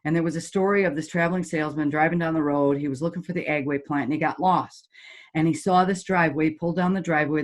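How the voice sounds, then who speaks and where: A middle-aged woman, a golf teaching pro and motivational speaker, telling stories bluntly and vividly in a podcast interview. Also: low voice. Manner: blunt, lively storyteller who acts out quoted voices.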